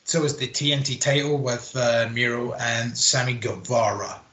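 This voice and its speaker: A man's voice: mid-range voice, fairly even intonation, a bit bright. A young man chatting casually about wrestling as a podcast co-host, rambling and swearing. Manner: rambling, swears, quick laughs. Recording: roomy home recording.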